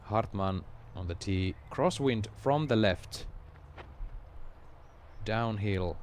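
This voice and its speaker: A man calls the action live in a low, steady voice, measured between shots and rising sharply when something big happens. Faint outdoor ambience sits quietly behind him. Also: a little hiss or hum. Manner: calm, measured play-by-play with sudden excited rises. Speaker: play-by-play commentator. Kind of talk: live sports commentary.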